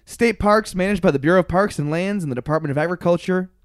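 Jokey man, fairly high voice. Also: quick pace, smooth, no echo, clean studio sound. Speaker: podcast co-host. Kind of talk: casual chat.

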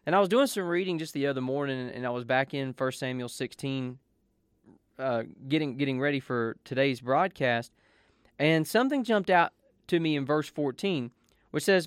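Smooth-voiced man teaching a devotional. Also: medium pitch, moderate pace, no room sound, clean studio sound. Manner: earnest, conversational explaining.

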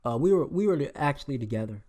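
A young man delivers a heated, profane rant in a casual register, firing off rhetorical questions. His voice sits at a middle pitch for a man. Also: animated, quick pace, mellow.

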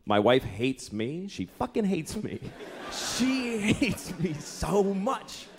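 Performing stand-up before a laughing club audience, this man tells exasperated, profane stories and acts out others in mocking voices. He speaks slowly in a high, creaky voice whose pitch swoops wildly. It's a live club recording full of crowd laughter, with a noisy background.

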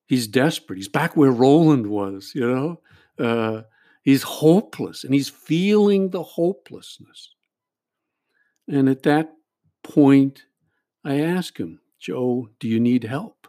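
Male therapist walking through a group exercise, mellow tone, halting restarts. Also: mid-range voice. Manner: repeats words in restarts, frequent "all right?" and "you know?". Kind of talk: describing a therapy exercise to an audience.

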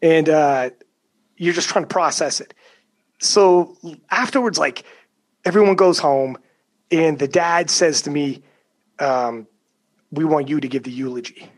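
A man's voice: on the high side, a little slow, long pauses. A young adult man telling a personal story in casual chat, emphatic and profane, often acting out what others said. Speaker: guest storyteller.

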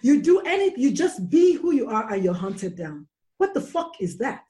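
A woman's voice: a little high, very animated, warm tone. A woman speaking passionately and indignantly as a guest in a casual interview. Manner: passionate, indignant, rapid questions.

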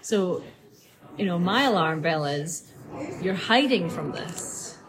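A woman with a lowish voice talks through dog behaviour in an easygoing podcast chat, often pausing on ums. Loud café chatter surrounds her. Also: expressive, rough recording. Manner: thoughtful, pauses with ums. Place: busy coffee shop. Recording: crowd noise in a café. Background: café crowd chatter.

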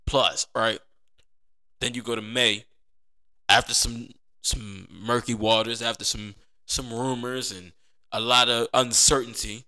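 Bright-voiced man talking football. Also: medium pitch, unhurried. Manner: animated, conversational, repeats himself for emphasis. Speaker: podcast host. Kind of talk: casual sports commentary.

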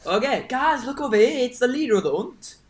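Man playing an excitable innkeeper, fawning, higher put-on voice, faint hiss behind. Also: slow pace, roomy sound, exaggerated voice. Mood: excited. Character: eager, gushing male innkeeper Harold.

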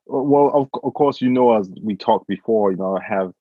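A man from England telling a story in a casual conversation, animated, acting out what others said. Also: lowish voice, moderate pace, husky, dry recording. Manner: animated, quotes others with voice changes. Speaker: guest. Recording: dull, dry sound.

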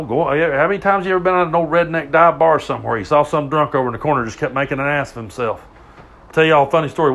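A man's voice: a little high, fairly bright tone. A man in his forties with a Southern US accent, hosting a podcast and mixing a political rant with rambling, profane stories. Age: 40s. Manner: profane, emphatic, rambling with restarts. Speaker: podcast host.

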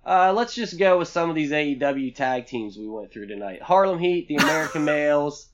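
A man's voice: on the high side, animated, fairly quick, dull audio, noisy background. A man co-hosting a casual podcast chat, blunt and profane, rambling from one thought to the next. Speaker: podcast co-host.

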